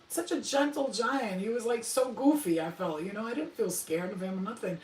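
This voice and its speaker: Excitable, slangy woman livestreaming. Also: mid-range voice, a little fast, roomy sound, slight background noise, low-quality recording. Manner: excitable, slangy, swears freely. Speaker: spiritual livestreamer. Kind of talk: casual livestream chat.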